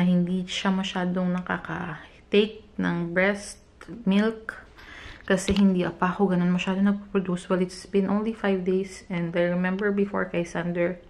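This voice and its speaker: A young woman from the Philippines with a Filipino accent, a new mother talking softly and emotionally in a casual vlog from a hospital room, sometimes close to a whisper. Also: on the low side, level tone, moderate pace. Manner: soft, tired, emotional, often near a whisper. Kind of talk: casual vlog talk, mixing Tagalog and English.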